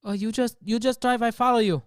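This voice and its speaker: A man's voice: very high voice, steady tone, smooth, no room sound, studio quality, voice pushed up. Brief: lost, hesitant delivery driver woman, put on by a male comic, stammering and unsure. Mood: flustered, unsure. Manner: halting, full of ums and uhs.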